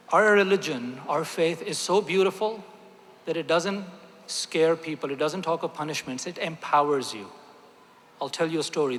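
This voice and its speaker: A man's voice: on the high side, a bit bright. A man, a doctor, giving a motivational talk to a gathering, emphatic and repeating key phrases with rhetorical questions. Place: large hall with audience. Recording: echoey hall.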